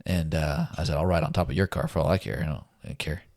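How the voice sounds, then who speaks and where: A man's voice: a bass voice, fast, vocal fry, a little mellow, no echo, clean studio sound. A man casually telling a survival story as a podcast guest, laid-back, laughing often and acting out what people said.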